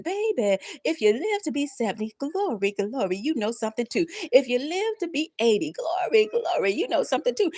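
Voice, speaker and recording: Lively preachy woman in her fifties. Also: sits high, fairly quick. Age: 50s. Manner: preachy, emphatic call-and-response repetition; emotional, laughing through near tears. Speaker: tarot reader and live-stream host. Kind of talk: spiritual pep talk on a live stream.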